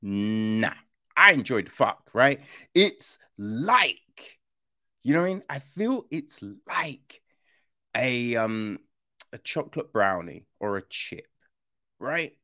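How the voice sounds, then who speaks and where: A man hosting a film podcast, chatting casually in an animated, slangy way, swearing and laughing often. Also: medium pitch, takes it slowly. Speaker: podcast host, film reviewer. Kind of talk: casual chat.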